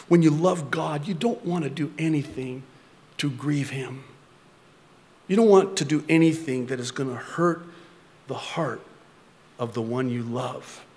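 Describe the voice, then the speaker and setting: A man's voice: medium pitch, in a large hall. A male pastor preaching a sermon, full of rhetorical questions and self-mocking humor.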